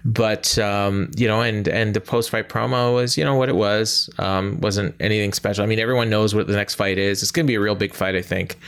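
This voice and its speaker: A man's voice: lowish voice, fairly even intonation, fairly quick, hardly any pauses, a bit bright, clean tone. A man from Canada co-hosting a casual sports podcast, rambling with many fillers and restarts. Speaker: podcast co-host.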